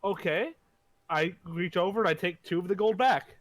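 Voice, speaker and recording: A man's voice: high voice, moderate pace, no room sound. A man playing a tabletop game over voice chat, joking and playful in character. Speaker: player.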